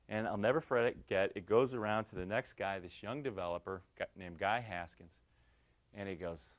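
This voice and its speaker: A middle-aged man giving a lecture, telling lively anecdotes and acting out the dialogue, with frequent restarts. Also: lowish voice, normal speed. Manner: lively storytelling, acts out quoted dialogue, many restarts. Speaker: guest speaker.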